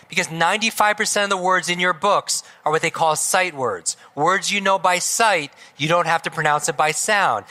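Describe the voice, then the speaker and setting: A middle-aged man giving an energetic live talk to an audience, firing questions at them and tagging his points with quick checks. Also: high-pitched. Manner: energetic, asks the audience questions, tags lines with "right?". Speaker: motivational speaker. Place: event hall before a live audience.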